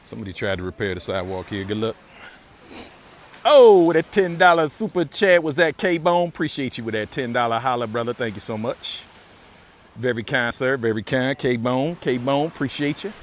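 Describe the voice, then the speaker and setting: A man live-streaming a relaxed walk outdoors by a beach, chatting casually and thanking viewers over and over. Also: mid-range voice, normal speed, slight background noise. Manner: laid-back, thanks viewers for donations, repeats phrases. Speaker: live-streaming walking vlogger.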